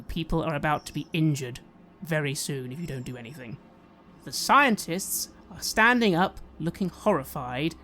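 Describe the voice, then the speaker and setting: A woman's voice: deep voice, a bit bright, a little hiss or hum. A woman narrating a tabletop game as game master, describing scenes and asking players what they do. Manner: descriptive, occasionally hesitant.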